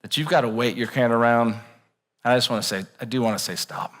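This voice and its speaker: A man preaching a sermon in a church, animated and joking, acting out worried voices. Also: mid-range voice, quick pace, long reverb tail. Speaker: pastor. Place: church auditorium.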